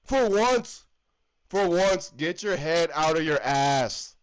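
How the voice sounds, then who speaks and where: A man from the United States rants heatedly about hockey with constant swearing. His voice sits high for a man and swings widely up and down as he hammers his points home again and again. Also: lively intonation, slow pace, smooth, rough recording. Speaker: hockey fan vlogger. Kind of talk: profane ranting commentary.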